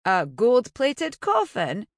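A woman's voice: a little high, huge pitch swings, takes it slowly, no echo, voice pushed up, full character voice. A woman voicing a blunt older man who speaks in a dry, mocking way. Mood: wry.

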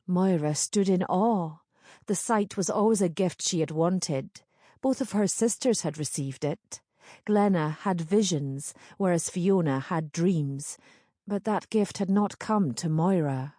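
A woman reads a historical romance aloud in a steady, measured way. Her pace is unhurried and her tone mellow and soft-edged. The recording is close and dry, with no room sound. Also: fairly low pitch, no room sound. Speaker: audiobook narrator. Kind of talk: scripted narration.

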